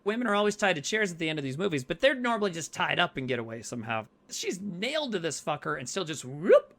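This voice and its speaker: A man's voice: a little high, very animated, fast talker, vocal fry, a bit bright. A man co-hosting a podcast, recapping a horror movie in casual, swearing, rambling chat. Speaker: podcast co-host.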